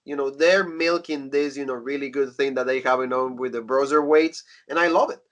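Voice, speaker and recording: A man co-hosting a wrestling podcast, recapping events in a relaxed way with lots of "you know". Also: medium pitch, brisk. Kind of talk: casual podcast chat, recapping.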